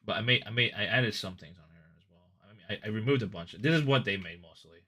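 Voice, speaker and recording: A man's voice: fairly low pitch, expressive, fast talker, bright, forceful tone. A man livestreaming, chatting casually with his viewers, rambling and self-conscious with many restarts. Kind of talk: casual live stream chat.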